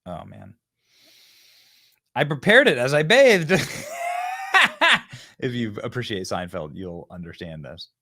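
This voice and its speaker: A man's voice: medium pitch, big pitch swings, normal speed, pauses often, fairly bright tone. A man hosting a political commentary show, reacting to clips in a mocking, sarcastic way and laughing often. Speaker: host.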